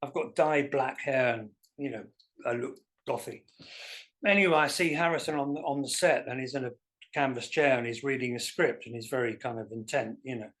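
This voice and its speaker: A man, a guest musician telling self-deprecating stories in a relaxed interview. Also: mid-range voice, a little fast. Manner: animated anecdotal, self-deprecating. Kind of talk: casual storytelling interview.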